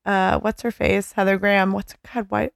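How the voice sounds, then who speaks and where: A woman co-hosting a podcast in casual chat about a TV episode, chiming in with quick agreement. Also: medium pitch, little pitch movement, creaky, clean tone, no echo, studio quality. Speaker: podcast co-host.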